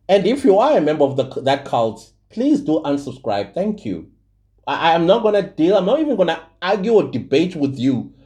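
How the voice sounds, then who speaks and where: Fired-up South African man, high voice. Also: big pitch swings, moderate pace, dark tone. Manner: heated, preachy, repeats points for emphasis. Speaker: channel host. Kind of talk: impassioned commentary to camera.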